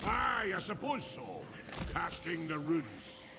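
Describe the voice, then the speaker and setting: An actor playing a gruff, determined dwarf commander for a strategy game. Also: male voice, a little high, wildly swooping pitch, takes it slowly, heavy background noise, full character voice. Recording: game unit lines over loud battle crowd.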